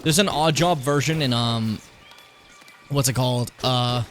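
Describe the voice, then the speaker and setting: A young man casually commenting on his gameplay, rambling and swearing, with sudden high excited yelps. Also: measured pace. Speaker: streamer. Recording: game music playing behind the voice.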